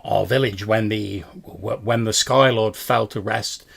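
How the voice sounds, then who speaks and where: A man's voice: lowish voice, steady tone, gravelly, fairly bright tone, heavily acted. A man voicing a nervous male villager who stammers and halts over his words. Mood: wary. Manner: stammering, halting.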